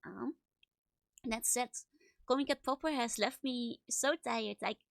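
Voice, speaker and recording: A woman's voice: a little high, a little slow, creaky, no room sound, studio quality. A woman streamer chatting casually with viewers, bubbly and giggly, a bit sleepy with a slightly stuffy nose from a cold. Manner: bubbly, giggly, repeats greetings in sing-song runs. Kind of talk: casual live-stream chat greeting viewers.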